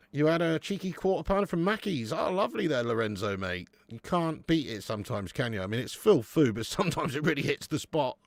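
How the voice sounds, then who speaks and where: Gravelly thirtysomething guy hosting a footy watch-along, dry close sound, banters and swears with chat. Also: fairly high pitch, sing-song, brisk, hardly any pauses, no echo. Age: 30s. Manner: laid-back banter, swears, calls viewers "mate" and "lad". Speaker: football watch-along host. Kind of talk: live watch-along chat, reading viewer comments.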